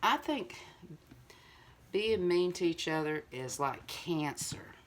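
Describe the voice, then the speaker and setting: Older woman vlogger, lowish voice, rambling and earnest, speaking straight to viewers. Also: animated, slow. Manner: rambling, earnest, full of "you know". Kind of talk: casual heartfelt monologue to viewers.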